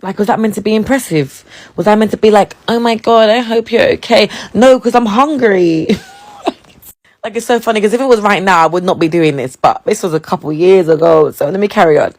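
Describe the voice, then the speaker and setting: A woman from England telling a dating story in a casual, animated way, laughing and swearing. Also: mid-range voice, brisk.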